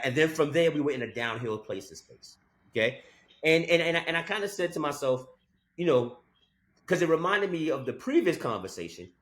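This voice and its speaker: A man co-hosting a podcast in casual chat, telling a story with emphatic "okay?" asides. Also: fairly high pitch. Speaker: podcast co-host.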